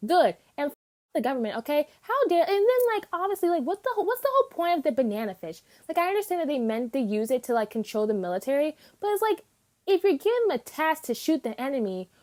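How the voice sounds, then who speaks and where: A woman reviewing an anime in a casual, unscripted rant, animated and emphatic, swearing often and acting out her reactions in quick bursts. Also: sits high.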